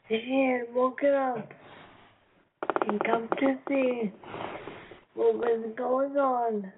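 A woman reads a storybook aloud at a very slow, careful pace. Her voice is high. It comes through a narrow, phone-like line with a clear hiss behind it. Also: fairly even intonation. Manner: slow, careful reading with page-turning asides. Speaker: storyteller host.

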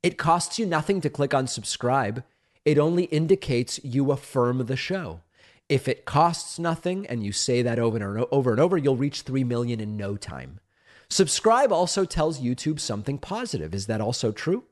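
A middle-aged man born in Argentina hosts a political talk show, reading listener letters aloud and answering them at length. His delivery is conversational and emphatic, with a playful defensiveness when he is criticized. His voice sits at an ordinary mid pitch. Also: lively intonation, normal speed.

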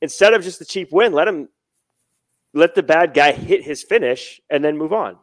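A man's voice: a little high, lively intonation, normal speed, no echo. A man hosting a wrestling podcast, running the show and passing questions to his panelists. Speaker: podcast host.

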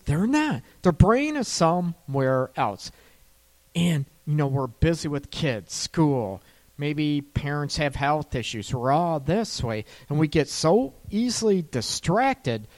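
A middle-aged man, a counselor, hosting a call-in advice show and acting out couples in quick asides with laughs between points. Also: on the high side. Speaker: counselor and radio show host. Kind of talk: call-in radio advice talk.

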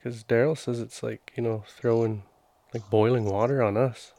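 A man hosting a podcast, replying in a quiet, soft-spoken, sympathetic way in casual chat. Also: mid-range voice, fairly even intonation, moderate pace, gravelly. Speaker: podcast host.

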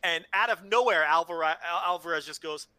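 Chatting casually on a wrestling podcast, a male co-host shares frank, curse-laden stories, often starting over with repeated words. His voice is a little high and a bit fast, pushed and bright, and recorded without echo.

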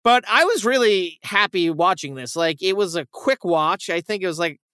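Clean-toned and high-pitched at a moderate pace, a young film-review podcaster rambles profanely through a plot summary in casual chat, animatedly acting out quotes. It's a dry, clean studio recording.

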